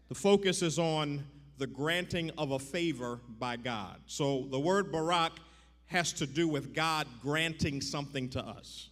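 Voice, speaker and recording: A man preaching a sermon as pastor to his congregation, checking that they follow along and building to shouted exhortation. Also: on the high side. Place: church sanctuary. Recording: echoey church sanctuary.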